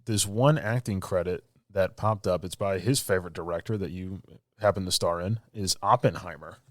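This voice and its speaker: A man's voice: low-pitched, normal speed, no room sound, studio quality. A man hosting a podcast interview, easygoing and chatty. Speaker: podcast host. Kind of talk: casual interview chat.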